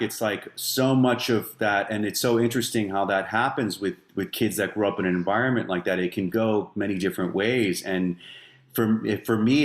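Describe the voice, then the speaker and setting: Low-voiced reflective man in a roomy space. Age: middle-aged. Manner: thoughtful, loose phrasing full of "you know" and "like". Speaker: musician guest. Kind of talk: reflective podcast conversation. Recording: roomy echo on voice.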